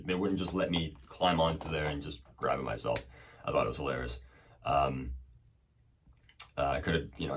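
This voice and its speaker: Deep-voiced man telling rambling stories. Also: distant mic, a little hiss or hum. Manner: rambling, profane, many fillers and restarts. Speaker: podcast host. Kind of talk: casual storytelling.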